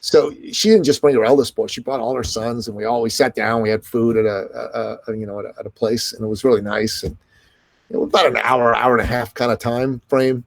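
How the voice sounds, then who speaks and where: A middle-aged man tells a success story at a quick, lively clip. His voice sits at an ordinary male pitch, and the sound is close and dry with no room around it. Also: gravelly, dry recording. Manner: animated, fast storytelling with quoted dialogue. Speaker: podcast host and business coach, guest. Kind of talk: storytelling in an interview.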